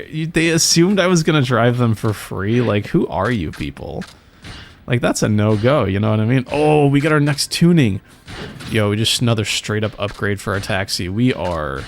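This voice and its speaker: A man's voice: on the low side, creaky, a little hiss or hum. A man giving casual, profane gameplay commentary while reading the game's dialogue aloud. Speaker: let's play host.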